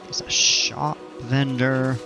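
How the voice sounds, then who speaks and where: Over music, a man streams a park-building game, talking casually with viewers and wandering off on tangents while explaining things at length. His mid-range voice is slow and flat, with some vocal fry.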